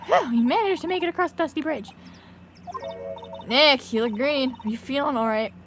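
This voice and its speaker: A woman's voice: high voice, normal speed, fairly bright tone, faint music behind. A woman voicing an earnest, emotional young woman who stammers while reading a game aloud. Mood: worried.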